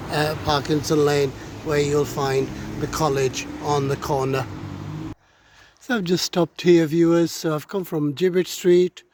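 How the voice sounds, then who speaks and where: A man's voice: fairly high pitch, a little mellow. A middle-aged man, out of breath, giving a hesitant, filler-heavy walking tour of local streets while talking to his viewers. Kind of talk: casual walking commentary. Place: outdoors on town streets. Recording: faint street and traffic noise.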